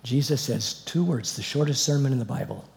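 A man preaching a sermon in a warm, mellow voice of middling pitch. He tells the story with animated asides and little chuckles, speaking to a gathered congregation. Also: a little fast, gravelly. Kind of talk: expository sermon on scripture.

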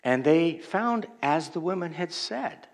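A man's voice: a little high, expressive, slow. A male pastor preaching an expository sermon in a conversational, reflective manner.

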